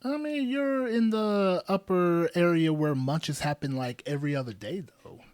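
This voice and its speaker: A man's voice: high-pitched, measured pace, darkish tone, no echo. A man co-hosting a podcast in casual chat, laid-back and teasing, with plenty of fillers. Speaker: podcast co-host.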